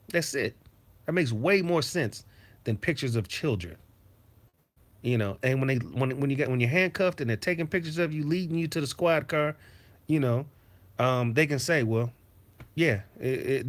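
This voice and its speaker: A man hosting a casual livestream from his home basement, ranting bluntly and profanely. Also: mid-range voice. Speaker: streamer host.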